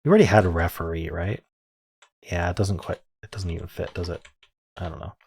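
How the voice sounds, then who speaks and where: A man thinking aloud as he solves daily word puzzles, hesitant and muttering, with frequent ums and quiet self-amused asides. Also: deep voice, steady tone, fairly quick, gravelly, breathy edge. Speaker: word game streamer.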